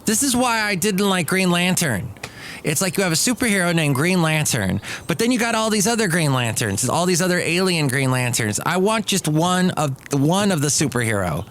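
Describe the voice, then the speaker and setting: A man's voice: high voice, sing-song, normal speed, a bit bright, slight background noise. Rambling jokey male podcast host. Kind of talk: casual solo podcast monologue.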